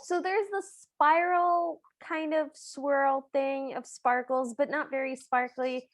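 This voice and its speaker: A woman's voice: high voice, steady tone, takes it slowly, dry recording, studio quality. A woman co-hosting a podcast, recapping the plot with wry, playful sarcasm. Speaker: podcast co-host. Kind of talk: casual chat.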